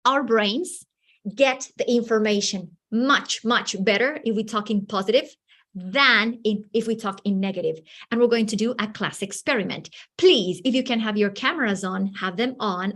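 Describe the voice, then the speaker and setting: Animated woman leading an online workshop. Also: a little high. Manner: lively, animated, acts out children's voices. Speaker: teacher trainer. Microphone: video call.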